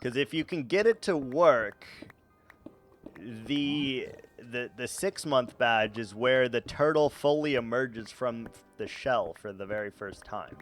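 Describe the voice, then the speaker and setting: A young man chats to his viewers while he plays, rambling from one joke to the next and poking fun at himself. His voice sits at an ordinary middle pitch, and quiet game music plays faintly behind him. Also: takes it slowly. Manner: rambling, jokey, self-mocking, chuckles often. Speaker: streamer. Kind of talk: casual gaming stream chat.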